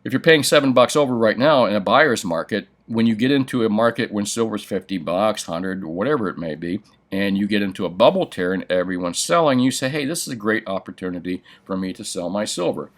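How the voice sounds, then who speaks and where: A man's voice: on the low side, expressive, a little fast. An older man hosting a livestream from his coin shop, reading viewer comments and giving blunt, opinionated, profane answers. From United States. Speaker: coin shop owner and host.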